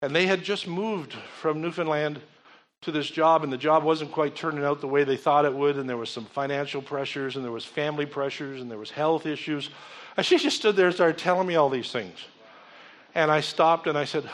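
A man's voice: fairly high pitch, brisk. A man preaching a sermon, telling stories in a conversational way and calling out to the congregation. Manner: conversational storytelling preaching with audience call-outs.

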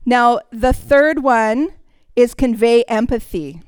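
Woman giving a chatty sermon, clear smooth voice, bit high. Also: takes it slowly, dry recording. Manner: warm, conversational teaching with acted quotes. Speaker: speaker in a church service.

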